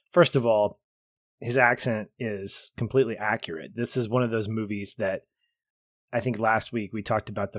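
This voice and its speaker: A man's voice: mid-range voice, dry recording, studio quality. A man co-hosting a podcast, talking through a film review in a thoughtful, long-winded way, repeating phrases as he builds his points. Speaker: podcast co-host. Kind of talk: casual film review chat.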